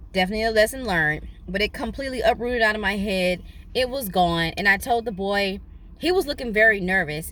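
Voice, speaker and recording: A young woman recording herself on her phone from inside a parked car. She tells a personal story in a casual, animated way, with a bright, forward voice. A faint hum sits behind her. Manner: animated, dramatic retelling with big pitch jumps. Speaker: vlogger.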